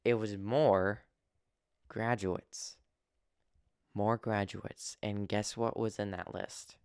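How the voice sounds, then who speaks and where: A young man telling a personal story in a halting, earnest way, full of restarts and fillers. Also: on the low side, flat delivery, a little mellow, clear, resonant tone, dry recording, studio quality. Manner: earnest and open. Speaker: vlogger.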